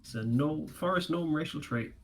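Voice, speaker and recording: A man's voice: a little high, normal speed, poor audio. A man playing in a tabletop game, talking bluntly and joking. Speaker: player. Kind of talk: casual tabletop play.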